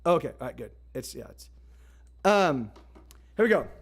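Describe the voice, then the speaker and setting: Guitar music plays behind a man with a medium-pitched, slightly rough voice and big pitch swings, speaking at normal speed. Hosting a live music stream, he chats and rambles warmly, calling out viewers by name.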